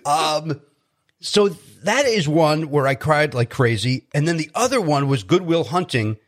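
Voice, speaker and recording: A man from Chicago, a guest comedian, telling stories in casual chat, animated and self-deprecating with many restarts. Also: fairly high pitch, measured pace. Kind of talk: casual storytelling.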